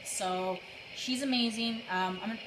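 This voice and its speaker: A woman's voice: a little high, normal speed. A young woman, out of breath from running, chatting casually on a livestream and greeting viewers by name. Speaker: livestream host training for a charity run. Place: indoors on a treadmill. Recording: echoey room with faint noise.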